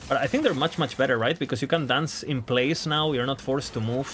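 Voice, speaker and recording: A man's voice: medium pitch, fairly quick, fairly bright tone, a little hiss or hum. Casual man streaming, thinking aloud. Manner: thinks aloud, hedging, repeating words. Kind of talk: casual game stream chat.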